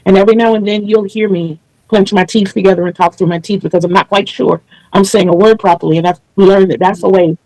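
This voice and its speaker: A woman's voice: mid-range voice, steady tone, quick pace, darkish tone, dry recording, poor audio. A woman hosting a casual video interview, speaking earnestly and explaining things at length with small restarts. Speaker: channel host interviewing a guest.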